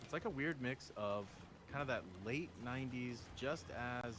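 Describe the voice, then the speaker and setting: A man's voice: medium pitch, moderate pace, background noise. An American man chatting casually and joking as a guest on a game stream. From United States. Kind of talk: casual chat while playing a game. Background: game music.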